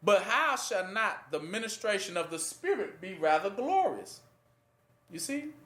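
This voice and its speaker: A man with a fairly high voice gives an informal Bible teaching in a plain, conversational way. He keeps asking his listeners to finish his sentences. The sound bounces around a roomy, echoing space. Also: very animated, a little slow, bright, forceful tone. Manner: rhetorical fill-in-the-blank questions to listeners. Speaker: preacher teaching scripture. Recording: echoey room.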